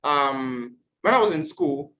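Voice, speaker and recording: A man's voice: on the high side, expressive, slow, bright, forceful tone. Man, from Nigeria, online class teacher, earnest, asks questions. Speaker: youth teacher.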